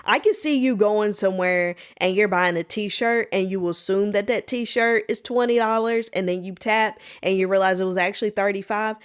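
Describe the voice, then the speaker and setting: A woman hosting a solo podcast, telling stories in a sassy, animated way. She talks casually, saying "y'all" and "baby", and puts on playful voices when she quotes people. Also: mid-range voice, moderate pace, hardly any pauses, clean tone. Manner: colloquial, says "y'all" and "baby". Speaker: podcast host.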